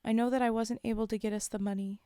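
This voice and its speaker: A woman's voice: a little high, fairly even intonation, fast talker, warm tone, smooth, no room sound, studio quality, close to an everyday voice. A woman voicing a distraught teenage girl who pleads with her father while holding back tears, read aloud from a horror story. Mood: pleading, tearful.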